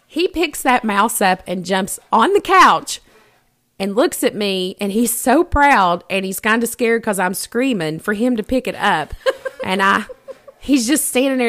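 A woman co-hosting a podcast, telling a story in casual chat with frequent laughter. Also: medium pitch. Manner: animated storyteller, laughs often. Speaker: podcast co-host. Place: rural home.

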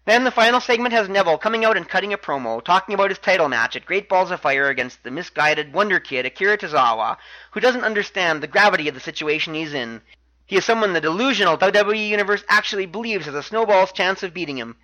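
A man's voice: sits high, lively intonation, fast talker, bright, forceful tone, poor audio. A man hosting a podcast, recapping wrestling matches in a chatty way with wry asides. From Canada. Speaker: podcast host.

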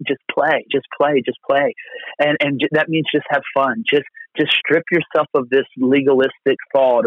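A man's voice: mid-range voice, no room sound. A man from Pennsylvania, a guest evangelist, telling faith stories over the phone in an earnest, rambling way with many restarts. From Pennsylvania, USA. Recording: tinny phone line.

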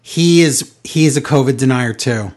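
A man's voice: medium pitch, normal speed, a little mellow. A man hosting a casual wrestling podcast, giving sarcastic recaps with mocking impressions. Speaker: podcast host.

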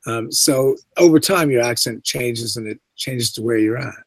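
This middle-aged Canadian man, a guest actor, has a mid-range voice with a faint English inflection and speaks at normal speed. He chats loosely in a casual interview, rambling with many asides and frequent restarts. The low-quality recording has no room sound.

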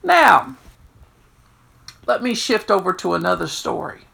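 A middle-aged woman with a deeply gravelly, creaky voice tells stories as a prison chaplain. She is animated and leaps up in pitch whenever she quotes herself or others. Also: measured pace. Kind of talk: storytelling talk.

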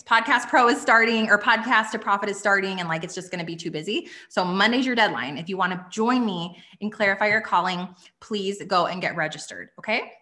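A woman in her thirties running a live online workshop, pitching her courses with energetic enthusiasm and frequent "okay?" asides. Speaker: online business coach.

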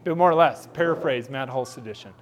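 A man preaching a sermon in a casual, animated storytelling way, acting out bits of dialogue. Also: medium pitch, fast. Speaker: pastor.

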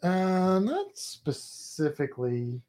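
Rambling relaxed male co-host. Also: high voice, slow pace, crowd noise. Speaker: podcast co-host. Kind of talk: casual chat.

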